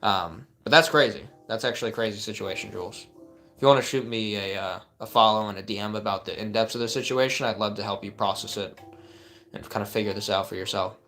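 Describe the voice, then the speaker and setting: A man's voice: fairly low pitch, steady tone, fast talker, pushed and bright, faint music behind. A man working as a life coach, talking casually and earnestly on a live advice stream as he answers chat questions, often saying "like" and restarting his sentences.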